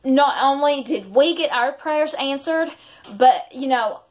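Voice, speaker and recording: A woman's voice: sits high, slow pace. A woman, in her thirties, sharing a heartfelt, rambling personal faith story on her vlog. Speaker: vlogger and mother. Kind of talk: emotional personal testimony.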